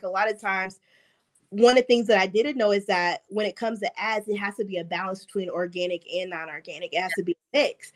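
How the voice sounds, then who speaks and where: A woman guest on a podcast, chatting casually and laughing often as she acts out quotes in her stories. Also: medium pitch. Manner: laughs often, peppers speech with "like"; animated storytelling with acted-out quotes. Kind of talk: casual interview chat.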